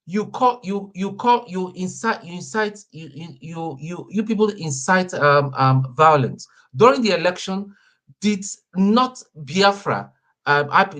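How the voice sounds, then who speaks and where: A man from Nigeria argues heatedly on a remote call, with a high voice. He stumbles and repeats words as his anger builds. His tone is blunt and accusing. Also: a bit bright. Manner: angry, repetitive, stammering. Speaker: caller. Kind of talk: heated debate.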